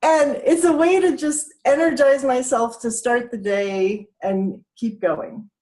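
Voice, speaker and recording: A woman's voice: high voice, takes it slowly, a little mellow. A woman speaker guiding a laughter exercise, upbeat, breaking into laughter and cheers. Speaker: self-care speaker.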